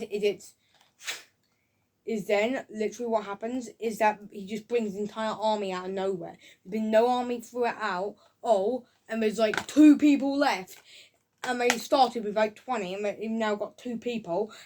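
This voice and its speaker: A woman giving a casual, excited review of a film, rambling through scenes with frequent restarts. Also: a little high, moderate pace, a little hiss or hum. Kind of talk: casual home-video review.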